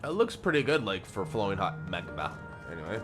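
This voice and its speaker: A male game streamer who chats casually as he plays. His pitch swings up and down a lot while he rambles, and game music plays in the background. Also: sing-song, fairly quick. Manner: rambling, chatty, reads game lines aloud. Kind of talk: casual live-stream commentary.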